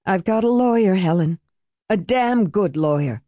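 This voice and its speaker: A woman voicing a desperate, furious young mother who is bitter, confrontational and quick to curse, in an audiobook reading. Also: medium pitch, lively intonation, dark tone, no room sound, close to an everyday voice. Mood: defiant.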